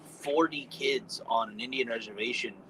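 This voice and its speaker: A man's voice: mid-range voice, normal speed, pushed and bright, low-quality recording. Male podcast co-host, mid-range voice, thoughtful explainer; faint background noise. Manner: thoughtful, reflective, explains at length. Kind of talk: casual chat.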